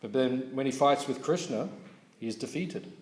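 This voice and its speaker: A man giving a morning scripture class at a temple, telling stories lively and checking in with his listeners. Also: medium pitch, moderate pace. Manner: lively storyteller, asks audience questions, laughs. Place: temple hall. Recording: echoey hall recording.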